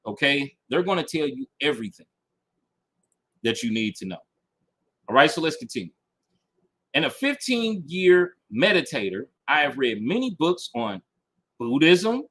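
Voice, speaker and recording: A man running a casual online training, his voice husky and a touch higher than most. His delivery is lively and swings up and down as he reads passages aloud, stresses key lines twice and keeps asking "right?". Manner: emphatic, repeats key points, keeps checking in with "okay?" and "right?"; reads review passages aloud and then picks them apart. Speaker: marketing instructor.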